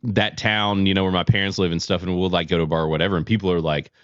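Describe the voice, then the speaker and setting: A man's voice: deep voice, flat delivery, racing, fairly bright tone, no echo, dull audio. A Southern man from near Charlotte hosting a live-stream podcast, rambling, swearing freely and laughing often. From near Charlotte, North Carolina. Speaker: podcast host. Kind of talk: casual live-stream chat.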